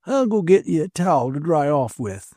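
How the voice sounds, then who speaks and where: A man's voice: on the high side, sing-song, moderate pace, warm tone, no room sound, clean studio sound, voice pushed up. A man voicing a grumbling, cagey old male homeowner with a querulous rural drawl.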